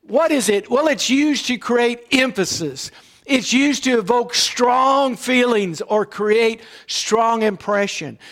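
A high-pitched man delivers a Sunday sermon from the pulpit. He teaches in a loose, conversational way, stopping often to check in with his listeners. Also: slow, a bit bright. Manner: conversational preaching with frequent "all right?" check-ins. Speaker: pastor. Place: church.

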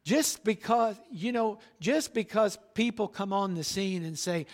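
A man's voice: sits high, unhurried, hardly any pauses. A middle-aged male pastor preaching a sermon emphatically, often checking in with "all right?".

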